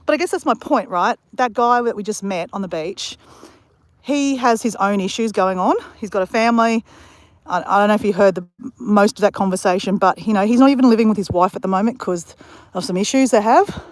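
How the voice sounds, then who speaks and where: A woman's voice: medium pitch, fairly quick, no room sound. A woman hosting a casual livestream from outdoors near a beach, telling rambling stories and talking straight to her viewers. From Australia. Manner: rambling, storytelling, addresses her chat viewers directly. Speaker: livestream host. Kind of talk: casual live-stream chat.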